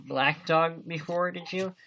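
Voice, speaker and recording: A man's voice: fairly high pitch, steady tone, measured pace, voice pushed up. A man reading as a blustering one-legged tavern landlord. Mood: stern, blustering. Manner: loud, stern scolding. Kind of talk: audiobook reading.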